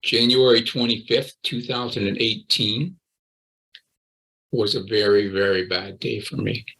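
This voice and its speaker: A man's voice: fairly low pitch, fairly even intonation, measured pace, a bit bright, rough recording. A man in his sixties, a recovery coach, earnestly telling his personal story in an interview and often repeating his words.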